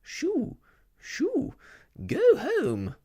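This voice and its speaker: A shrill, fluttering older lady, voiced by a soft-spoken storyteller in a gentle ASMR storybook. Her voice jumps high and loud as she frets and scolds. Underneath is a breathy, slightly gravelly close-mic sound. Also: wildly swooping pitch, takes it slowly, exaggerated voice. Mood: scolding. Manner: prim, scolding, easily tearful. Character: fussy, haughty older woman dog owner.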